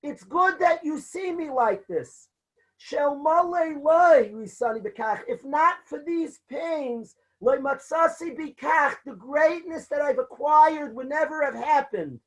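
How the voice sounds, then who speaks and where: A man's voice: extremely high pitch, unhurried, a bit bright, voice pushed up. A man declaiming as a fervent old sage.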